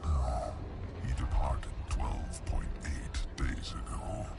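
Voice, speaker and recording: A man voicing a cold, nihilistic rogue AI in a video game, speaking in slow, clipped, emotionless statements over loud music. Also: animated, heavily acted. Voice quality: deep, gravelly, glitching machine drawl. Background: loud game score.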